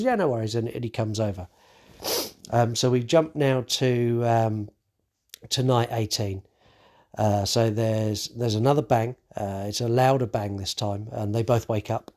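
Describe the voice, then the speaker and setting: This podcast host has a lowish, darkish voice as he chats casually through a horror movie recap. Profanity flows freely, he performs the characters' lines himself, and his speech is crowded with fillers and false starts.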